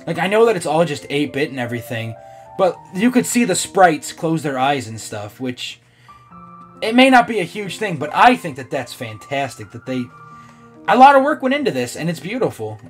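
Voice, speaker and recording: Lively, rambling man playing a game. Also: on the high side, normal speed, soft background music. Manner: rambling, swears casually, laughs often. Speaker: let's play gamer. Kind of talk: casual gameplay commentary.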